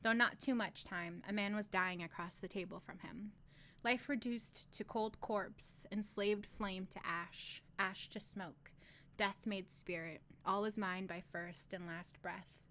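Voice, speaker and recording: A woman reading a fantasy novel aloud on a live stream, steady in the narration and breaking off for joking asides. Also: mid-range voice, a little slow. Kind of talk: casual read-aloud with asides.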